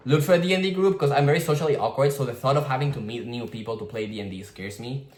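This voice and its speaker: A man tells a story to camera in a loose, slangy ramble, swearing often and leaning on "like" as filler. His voice sits at an ordinary middle pitch. The room rings with echo, and guitar music plays clearly behind him. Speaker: vlogger. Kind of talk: casual storytelling vlog.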